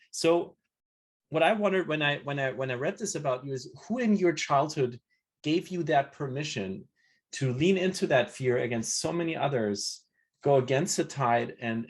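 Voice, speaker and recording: A man's voice: on the high side, moderate pace. Man, interview host, reflective, searching questions, video call.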